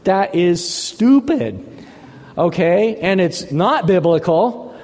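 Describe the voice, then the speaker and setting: Male pastor, fairly high voice, emphatic sermon delivery, hall reverb. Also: expressive, slow pace. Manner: emphatic, swings from hushed to forceful.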